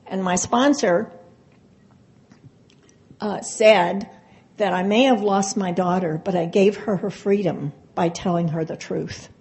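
An older woman telling a personal recovery story, halting and emotional, with pauses and restarts. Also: medium pitch, darkish tone. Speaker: speaker sharing a recovery story. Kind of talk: personal testimony.

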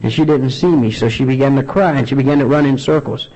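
A man speaking earnestly at a recovery meeting, sharing a personal testimony with many halting restarts. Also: mid-range voice, dark tone, breathy edge. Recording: dull lo-fi recording.

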